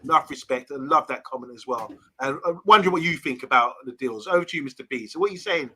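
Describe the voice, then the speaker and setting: A man's voice: medium pitch, fast, pushed and bright, breathy edge. A man co-hosting a live fan stream, chatting casually and reading viewer comments aloud. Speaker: podcast co-host.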